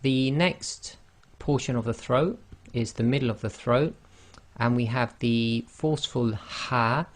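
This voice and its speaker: Slow, gravelly-voiced male pronunciation teacher. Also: medium pitch. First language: not Arabic. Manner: slow, patient, demonstrates sounds by repeating them. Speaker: online Quran teacher. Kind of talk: pronunciation lesson.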